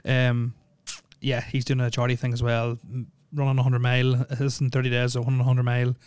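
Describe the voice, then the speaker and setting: In a dry recording, a man hosts a solo podcast in a clear, resonant, slightly mellow voice of medium pitch. He talks briskly and in a monotone. The chat is casual, rambling, full of ums and dry jokes.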